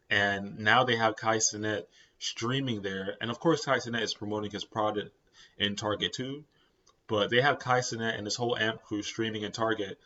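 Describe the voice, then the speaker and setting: A man's voice: on the low side, a bit bright, muffled recording. A tired man, hosting a podcast as casual solo commentary, rambling with lots of fillers and repeats. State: tired, yawning. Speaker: podcast host.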